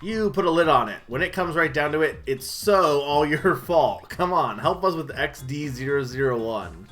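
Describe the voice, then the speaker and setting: A man's voice: fairly high pitch, lively intonation, moderate pace, fairly bright tone, faint music behind. A man reading aloud as a ditzy, flighty young woman villain from a game, in a gushing singsong manner. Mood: petulant. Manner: gushing, singsong, airheaded phrasing.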